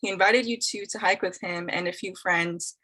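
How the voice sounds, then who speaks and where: Bright-voiced woman reading scenarios. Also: mid-range voice, steady tone, normal speed, rough recording. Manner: laughs often, stumbles over names. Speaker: host reading dating scenarios. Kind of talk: casual group chat, reading a scenario aloud.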